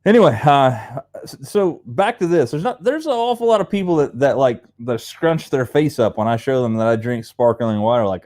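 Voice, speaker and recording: Brief A young Appalachian-accented man hosting a livestream. He talks in a loose, rambling, chatty way and calls out to viewers by name. His voice sits at an ordinary middle pitch. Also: sing-song, brisk, darkish tone. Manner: rambling and chatty, reads viewer comments aloud. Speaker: livestream host. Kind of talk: casual live chat.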